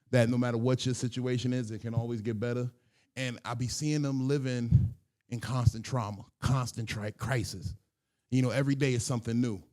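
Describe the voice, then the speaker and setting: A man's voice: mid-range voice, warm tone. A man doing a stand-up comedy set on stage, telling loose, profane stories with stammered restarts. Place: comedy stage before a live audience.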